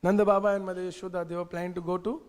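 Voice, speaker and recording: A man, teaching a scripture class and telling stories in an animated way, asking the audience questions. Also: high voice, racing. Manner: animated, asks the audience questions, uses gestures. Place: temple hall. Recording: long reverb in a temple hall.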